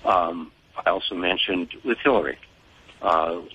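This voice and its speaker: An older man speaking as an interview guest, in a measured, deliberate way with pauses and fillers. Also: low-pitched, bright, forceful tone, breathy edge, muffled recording. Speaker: guest, father of a fallen serviceman.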